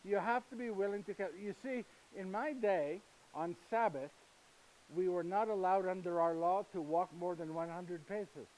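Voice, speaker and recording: An actor playing a humble, earnest Saint Joseph in a live monologue, speaking halting, slightly broken English directly to his listeners. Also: sits high, darkish tone, slight background noise, close to an everyday voice, rough recording. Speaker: actor in first-person monologue. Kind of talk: live dramatic monologue to an audience. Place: retreat gathering with live audience.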